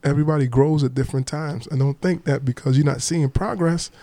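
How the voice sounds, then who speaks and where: Male podcast host, casual chat, mellow voice, playful. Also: fairly high pitch, brisk, no echo. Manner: laid-back, playful, repeats himself.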